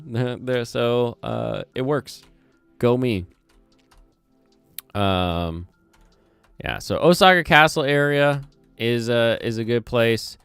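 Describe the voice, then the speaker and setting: This streamer talks slowly with vocal fry and long pauses, his medium-pitched voice smooth and echo-free, carrying a slight Southern twang. Hosting his channel's casual stream on a close desk mic, he rambles, corrects himself and reads chat aloud as lo-fi music and keyboard clicks play softly.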